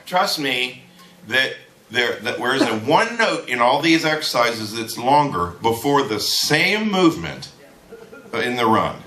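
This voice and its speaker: A man teaching a trombone masterclass to students, talking in an animated way and singing rhythms aloud. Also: mid-range voice, a little slow. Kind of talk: lecture to students. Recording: echoey room.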